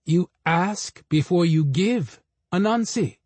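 A man voicing a stern, ancient female earth spirit who speaks slowly and solemnly. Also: high voice, animated, a little mellow, dry recording, heavily acted.

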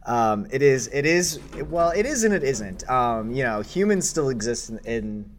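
A man's voice: mid-range voice, big pitch swings, measured pace, a little hiss or hum. A man running a tabletop game as game master, describing scenes in a casual, rambling way with many fillers.

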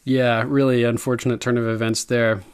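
A man's voice: mid-range voice, level tone, moderate pace, smooth. A man co-hosting a podcast, chatting enthusiastically about a TV episode, laughing often and acting out the lines he quotes. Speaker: podcast co-host. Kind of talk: casual chat recapping a TV episode.

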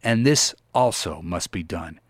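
A man's voice: sits low, animated, a little slow, no room sound. Solemn exhorting male preacher. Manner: solemn, exhorting, old-fashioned scriptural diction. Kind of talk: sermon.

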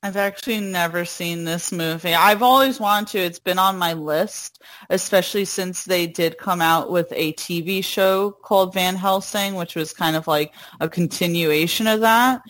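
A woman's voice: fairly low pitch, moderate pace, hardly any pauses, a bit bright. A woman hosting a casual podcast chat in an easygoing way. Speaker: podcast host.

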